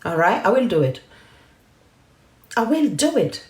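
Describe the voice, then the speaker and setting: A woman's voice: medium pitch, very animated, unhurried, darkish tone, reverberant. A woman from Kenya hosting a live stream, talking emphatically and defiantly, mixing English and Swahili. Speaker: TikTok live host. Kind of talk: heated live-stream rant.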